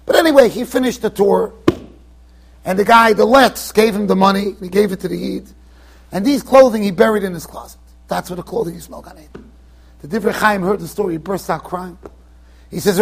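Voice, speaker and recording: A man, a rabbi giving a Torah class in a yeshiva, telling a story in a lively, chatty way with asides to his students. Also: high-pitched, brisk, breathy edge. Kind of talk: storytelling lecture. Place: yeshiva study hall.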